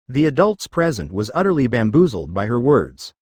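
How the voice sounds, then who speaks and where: Man narrating fan fiction, lively pitch. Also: normal speed, hardly any pauses, husky, no room sound, studio quality. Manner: plain storytelling narration.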